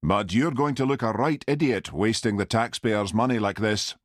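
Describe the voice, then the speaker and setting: A man's voice: lowish voice, moderate pace, no room sound, clean studio sound, voice pushed up, close to an everyday voice. A man voicing a haughty, snobbish doctor in an audiobook. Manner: haughty, scornful.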